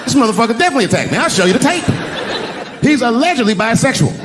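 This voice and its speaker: A middle-aged man doing stand-up storytelling on stage, shouting some punchlines high. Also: very animated, rapid-fire. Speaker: stand-up comedian. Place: stage before a live audience. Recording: noisy live stand-up room. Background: audience laughter.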